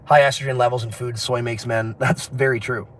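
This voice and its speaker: A man's voice: medium pitch, flat delivery, a little fast. A man chatting casually on a livestream, rambling, swearing and laughing often, talking into a phone. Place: outdoors on city streets.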